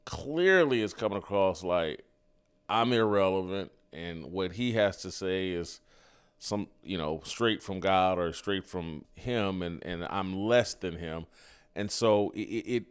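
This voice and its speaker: A man hosting an interview, asking earnest, measured questions. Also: low voice, clean tone. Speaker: host.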